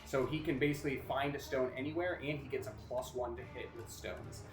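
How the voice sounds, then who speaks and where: A man's voice: medium pitch, fairly even intonation, fairly quick. A man narrating as game master of a tabletop game, talking casually with fillers and restarts. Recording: roomy sound with music behind.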